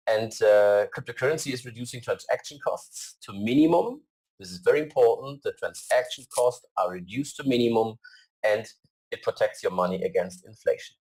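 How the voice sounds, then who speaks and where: Halting man presenting slides, low voice. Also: a little mellow, poor audio. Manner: hesitant, many fillers and restarts; earnest.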